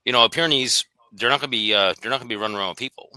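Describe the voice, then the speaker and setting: A man chatting casually about dog breeds in a quick, matter-of-fact way. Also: medium pitch, sharp tone, clean tone, dry recording, rough recording. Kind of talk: casual conversation.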